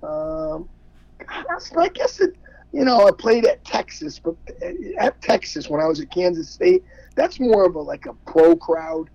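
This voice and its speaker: A football coach as a podcast guest, talking excitably, repeating words and laughing often. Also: male voice, a little high, normal speed, vocal fry, no room sound, dull audio. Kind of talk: casual podcast interview.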